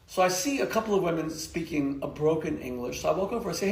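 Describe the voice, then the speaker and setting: A man's voice: on the high side, animated, quick pace, creaky, few pauses. A man, a rabbi, giving an emphatic, joking lecture to a community audience and laughing at his own jokes. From United States. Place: lecture hall. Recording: echoey lecture hall.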